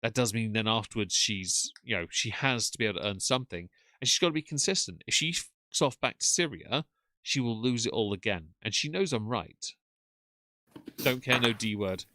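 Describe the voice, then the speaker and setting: Chatty low-voiced man streaming. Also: animated, normal speed, pushed and bright, no echo, clean studio sound. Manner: chatty, reads out and thanks chat messages. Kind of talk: casual live-stream commentary. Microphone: desk mic with headphones.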